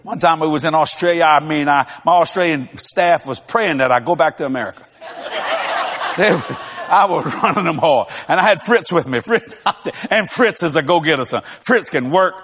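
Animated older man preaching. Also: fairly high pitch, normal speed, big-room sound, background noise. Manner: animated storytelling, acts out dialogue, laughs often. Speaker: pastor. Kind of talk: sermon.

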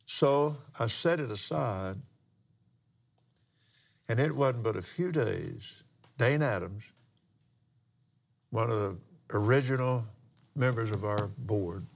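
An older man, a minister telling a testimony story in a folksy, drawn-out way with pauses and restarts. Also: mid-range voice, vocal fry. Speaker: minister and pilot. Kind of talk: storytelling testimony in a broadcast talk.

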